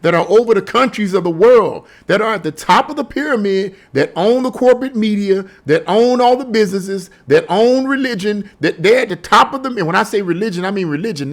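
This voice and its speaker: A man giving his political opinions in a casual vlog, emphatic and scoffing, with lots of rhetorical questions. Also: high-pitched. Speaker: political commentator.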